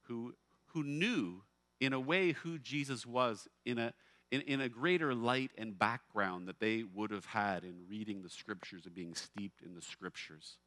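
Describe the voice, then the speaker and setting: A male pastor preaching a sermon, expressive and emphatic, often posing rhetorical questions. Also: lowish voice, unhurried, dry recording. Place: church.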